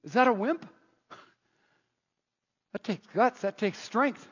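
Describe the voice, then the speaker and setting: Male preacher, high voice, animated storyteller who stammers restarts; dull, muffled recording. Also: slow, husky. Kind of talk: sermon. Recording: muffled, long hall reverb.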